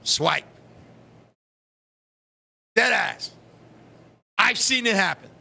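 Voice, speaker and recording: A middle-aged man hosting a live talk show, telling stories in a loud, profane, animated way. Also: high voice, extremely slow, creaky. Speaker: show host. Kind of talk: live casual chat.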